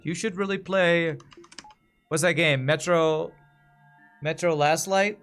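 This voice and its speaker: A man's voice: a little high, steady tone, measured pace, a bit bright, soft background music. A man streaming a strategy game, chatting casually and answering viewers' comments while he plays. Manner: chatty, reads and answers chat while playing.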